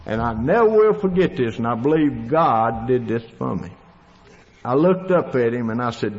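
A Southern man from Tennessee tells his own hard-luck story in a folksy, plainspoken drawl, his pitch sitting in an ordinary middle range. The recording is dull and lo-fi, and his voice rings with a long reverb as if he is speaking in a big hall. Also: animated, normal speed. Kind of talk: storytelling testimony.

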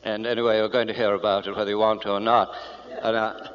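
A man's voice: fairly low pitch, level tone, fast. Irish man speaking in an echoing hall. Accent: Irish with English-sounding speech. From Ireland. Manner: dry self-deprecating humor, anecdotal. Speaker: guest speaker. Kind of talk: public talk to a meeting. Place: large meeting hall. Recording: muffled old hall recording with long reverb.

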